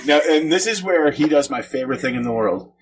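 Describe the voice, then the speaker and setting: A man's voice: fairly high pitch, animated, brisk. A man co-hosts a book-club podcast in blunt, crude, casual chat, laughing as he retells scenes. A faint noise runs under his voice. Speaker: podcast co-host.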